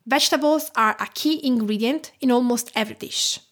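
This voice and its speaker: A woman with an Italian accent hosts a cooking podcast in a scripted, enthusiastic way. Her voice sits a little high, and she talks about food with lively, descriptive care. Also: fairly quick. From Tuscany, Italy. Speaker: podcast host and home cook.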